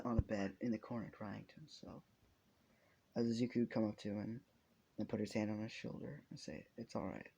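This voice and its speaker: A man's voice: lowish voice, gravelly, mellow, slight background noise. A young man improvising a fan story aloud, rambling and swearing, with frequent restarts.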